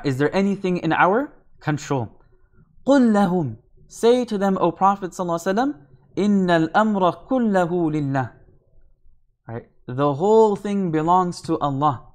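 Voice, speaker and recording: A man teaching a line-by-line Quran commentary, reading Arabic passages quickly and then explaining them slowly in English, often asking "right?" as he goes. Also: high voice. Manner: repeats phrases, asks "right?". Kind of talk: line-by-line scripture lesson.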